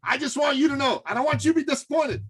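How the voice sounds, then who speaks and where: A man voicing a skeptical male workshop attendee who keeps repeating himself, in a higher voice than his own. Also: sing-song, racing, fairly bright tone. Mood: insistent.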